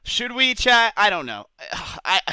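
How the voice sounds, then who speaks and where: Young male streamer, piercing bright tone, high pitch, mocking reaction chatter. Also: big pitch swings, slow, smooth, no echo. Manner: blunt, mocking, exasperated. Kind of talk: live-stream reaction commentary.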